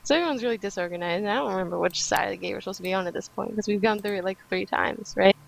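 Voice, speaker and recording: A woman's voice: medium pitch, rapid-fire, gravelly, poor audio. A woman chatting casually with fellow players during a game stream, telling rambling stories and giggling. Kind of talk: casual gaming chat.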